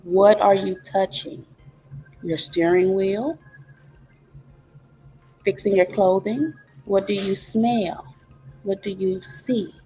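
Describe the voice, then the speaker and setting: A woman hosting a reflective wellness talk, calmly teaching and walking through steps with rhetorical questions. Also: mid-range voice, slow, pauses often, soft background music. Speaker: host.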